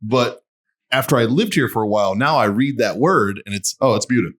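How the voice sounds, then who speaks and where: A man co-hosting a podcast in casual chat, swearing freely and laughing loudly while drinking. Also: mid-range voice, expressive, normal speed. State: drinking whiskey. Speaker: podcast co-host.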